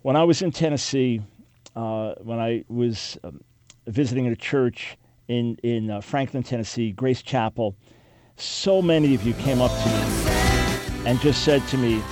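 A man's voice: medium pitch, unhurried, darkish tone, faint music behind. A man from New York hosting a radio talk show, speaking earnestly and emphatically with frequent restarts.

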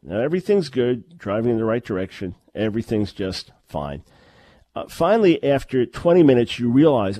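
A man's voice: medium pitch, sing-song, normal speed, mellow, no echo. A middle-aged man preaching a sermon, emphatic and full of rhetorical questions, often restarting his words. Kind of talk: sermon-style teaching.

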